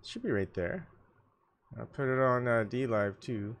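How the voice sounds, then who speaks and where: A man hosting a solo livestream, muttering his thoughts and asides to himself, often coughing and clearing his throat, on a desktop microphone at home. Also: medium pitch, animated, unhurried. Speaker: livestream host. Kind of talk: rambling solo livestream chat.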